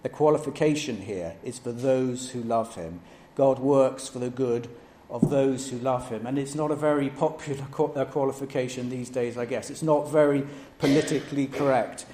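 A man preaches in a measured, emphatic way, leaning on each word of his lists. His voice sits at an ordinary pitch and rings in a roomy, echoing space with a faint hiss behind it. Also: dark tone. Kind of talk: sermon. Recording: echoey room with faint background noise.

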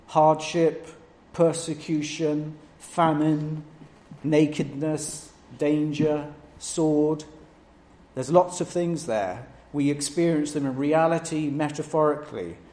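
A man's voice: a little high, a little mellow. Man preaching in an echoey room. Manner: measured, emphatic preaching with listed phrases. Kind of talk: sermon. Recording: echoey room with faint background noise.

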